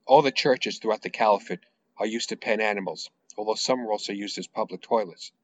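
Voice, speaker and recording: A world-weary priest speaks with sad resignation, as a man reads him aloud. His voice is low and unhurried. It comes across as a plain author reading. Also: slight background noise, lightly acted. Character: weary, bitter middle-aged male priest.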